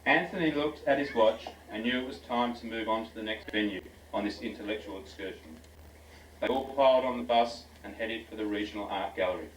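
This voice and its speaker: A man's voice: lowish voice, brisk. A man reading a humorous story aloud with an amused, chuckling delivery as a speaker at a school farewell, on a ferry. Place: function room aboard a ferry. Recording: echoey, distant, noisy venue.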